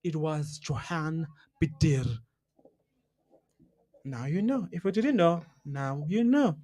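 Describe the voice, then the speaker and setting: Relaxed radio host. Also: medium pitch, slow. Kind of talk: casual live radio chat.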